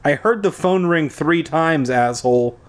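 A man's voice: a little high, lively intonation, unhurried, voice pushed up. Man doing a stern growling father, storybook. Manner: gruff, demanding. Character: stern, grumpy father at midnight.

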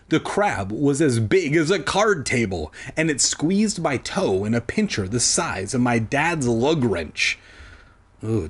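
A man's voice: medium pitch, breathy edge. A man reading a kids' book aloud for laughs, breaking off into profane, self-deprecating asides.

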